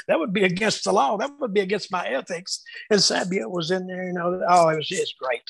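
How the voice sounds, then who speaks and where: A man reminiscing casually about his years booking shows, telling lively anecdotes and acting out the quotes. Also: sits high, fairly quick, vocal fry, poor audio. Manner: animated storyteller acting out quotes. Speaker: wrestling booker telling stories.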